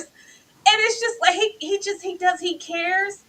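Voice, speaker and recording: A woman co-hosting a casual TV review chat, animated and emphatic, acting out characters' lines. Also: very high-pitched, measured pace, poor audio. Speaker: co-host of a TV review show.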